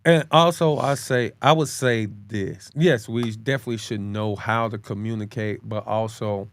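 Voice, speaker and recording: A man co-hosting a casual chat, talking in slang, calling his listener bro, and jumping up in pitch to press his points. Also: moderate pace, dry recording. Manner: animated, swings his pitch high when making a point. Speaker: podcast co-host.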